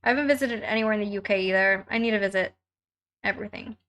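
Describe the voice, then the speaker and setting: Bright-voiced bubbly young woman streamer. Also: mid-range voice, quick pace. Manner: chatty and bubbly, laughs often. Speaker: live-stream host. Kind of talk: casual chat reading viewer comments. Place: home, while crafting.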